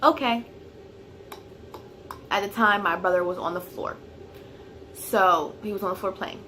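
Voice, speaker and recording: Bright-voiced woman telling a story. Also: medium pitch, measured pace, a little hiss or hum. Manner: chatty, filler-heavy storytelling; grows loud and heated when retelling the fight. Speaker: vlogger. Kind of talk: casual storytime vlog.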